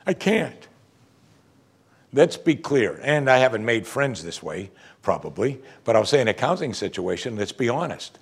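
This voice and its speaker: A middle-aged male pastor preaching an animated sermon, acting out what people say to him. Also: mid-range voice, normal speed, vocal fry, breathy edge. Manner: animated preaching, quoting congregants in mock voices.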